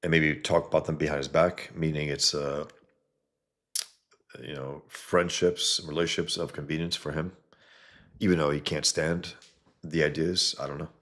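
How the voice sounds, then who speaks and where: A man's voice: rumbling low, fairly even intonation, moderate pace, pauses often, fairly bright tone. A man hosting a casual livestream, reading viewer comments aloud and answering them in a blunt, rambling, sometimes profane way from a home setup. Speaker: livestream host.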